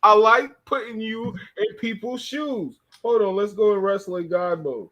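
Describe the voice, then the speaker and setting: A man co-hosting a podcast, reacting to wrestling news with laughter and drawn-out disbelief. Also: high-pitched, muffled recording. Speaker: podcast co-host. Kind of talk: casual wrestling chat.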